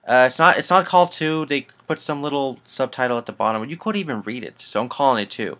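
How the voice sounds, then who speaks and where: A man's voice: mid-range voice, fast, fairly bright tone. A man hosting a casual gaming news vlog, rambling and swearing through annoyed asides. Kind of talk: casual rant to camera.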